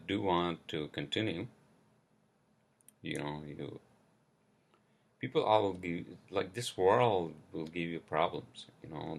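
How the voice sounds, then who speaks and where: Male podcast host, gravelly slow voice, furious profane solo rant. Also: deep voice. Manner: angry, profane, halting with many fillers and apologies. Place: New York.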